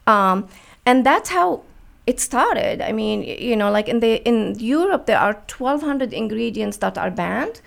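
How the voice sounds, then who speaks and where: Earnest woman with a gravelly edge. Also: on the high side, lively intonation, measured pace. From Middle East. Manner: earnest, many fillers and restarts. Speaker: guest, beauty brand founder. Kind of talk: radio interview.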